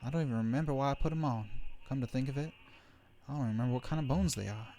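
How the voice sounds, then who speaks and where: A man's voice: medium pitch, fast talker, mellow. A man streaming a game live, reading its dialogue aloud in a playful way and dropping jokey asides between lines.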